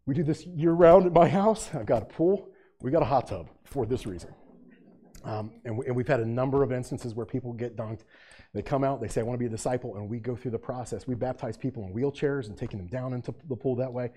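A man's voice: medium pitch, a little fast, dark tone, husky. A man preaching a sermon as pastor, asking his congregation rhetorical questions and rising to fervent emphasis.

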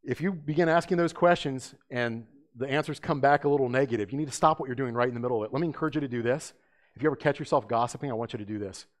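A man's voice: medium pitch, very fast. A man preaching an emphatic sermon as pastor, asking his listeners rhetorical questions.

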